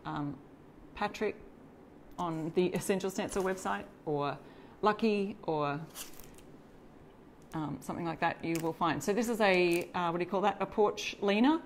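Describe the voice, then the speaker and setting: This is an Australian woman with a slightly low voice, walking viewers through a craft project live. She chats easily and reads out viewer comments as she goes. A faint background hum sits under her voice. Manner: chatty, greets and reads out viewer comments while working. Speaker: DIY crafter hosting a live stencil demo. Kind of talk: casual live tutorial.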